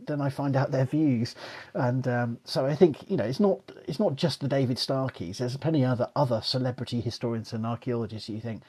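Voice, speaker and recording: A man's voice: medium pitch, quick pace, darkish tone, husky. A middle-aged man, an archaeologist, hosting a casual live Q&A, rambling and swearing with lots of asides. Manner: rambling, sweary, chatty, many asides and "you know"s. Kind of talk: casual live-stream Q&A chat.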